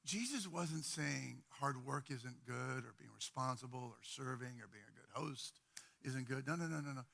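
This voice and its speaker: A man preaching a sermon as pastor, talking in a conversational, animated way with repeated words. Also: mid-range voice, normal speed, gravelly.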